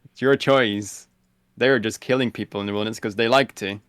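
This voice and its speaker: Man, lowish voice, casual gamer talk, lots of fillers, dry close sound. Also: steady tone, a little fast, a bit bright, clean tone, no echo. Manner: laid-back, many "like" fillers, blunt. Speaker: guest streamer. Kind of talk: casual podcast chat.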